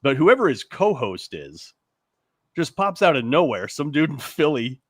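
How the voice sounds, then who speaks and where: A man talks sports with his co-hosts, animated and prone to laughter and restarts. His pitch swings widely as he goes. The studio sound is dry and close. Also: normal speed, husky, dry recording. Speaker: sports radio co-host. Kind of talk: casual sports talk.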